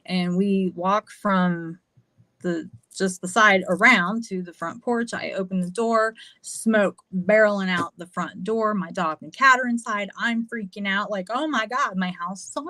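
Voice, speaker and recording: A woman's voice: medium pitch, measured pace, bright, forceful tone, no room sound. A woman from the United States, a podcast guest, telling a personal story in a candid, casual way, with frequent fillers and swearing.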